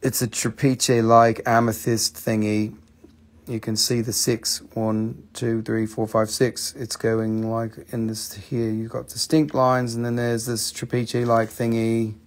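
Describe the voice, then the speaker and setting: A man from the Appalachian region of the United States hosts a casual live shop stream selling stones and minerals. In a medium-pitched voice with completely flat delivery and a measured pace, he reads chat comments and jokes loosely with viewers, swearing now and then.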